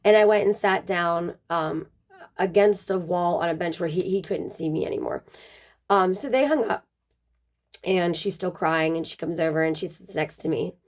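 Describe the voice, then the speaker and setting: A woman's voice: lowish voice, moderate pace. Rambling woman telling a personal story. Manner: rambling, full of fillers like "um" and "like".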